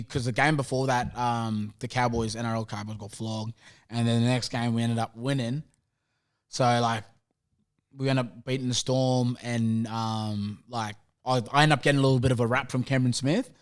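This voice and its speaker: A man's voice: medium pitch, moderate pace, clear, resonant tone. A young Australian man, a rugby league player, chatting as a podcast guest in a loose, laughing storytelling style, acting out quoted conversations. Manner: animated, laughing, acts out quoted dialogue. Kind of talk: casual storytelling chat.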